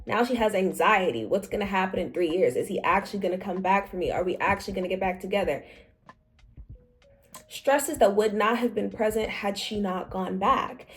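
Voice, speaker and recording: A woman's voice: mid-range voice, moderate pace. A young woman talking casually about a book she read, chatty and acting out the characters' lines. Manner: chatty, acts out quotes in different voices. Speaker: book club vlogger.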